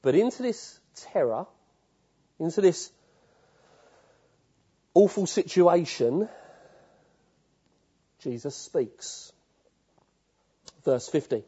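A male preacher with a slightly high, mellow voice and a husky edge, heard on a dull lo-fi recording. He preaches with vivid storytelling and often turns to ask his listeners questions. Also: expressive, extremely slow, pauses often. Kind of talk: sermon.

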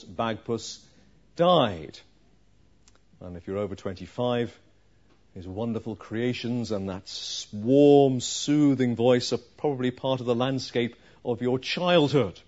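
A man preaching a sermon, slow and emphatic, with dramatic pauses. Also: medium pitch, darkish tone, highs cut off.

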